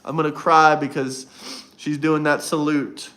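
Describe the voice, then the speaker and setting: A man's voice: fairly high pitch, little pitch movement, measured pace, fairly bright tone. A man hosting a casual livestream, talking to his chat and teasing viewers in a mocking way. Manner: mocking, taunting chat banter. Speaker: livestream host.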